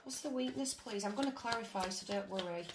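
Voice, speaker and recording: A woman's voice: mid-range voice, fairly quick. Chatty tarot lady, blunt and sweary, roomy echo, bit of background hiss. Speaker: tarot reader. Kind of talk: casual tarot reading to camera. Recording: echoey room with faint noise.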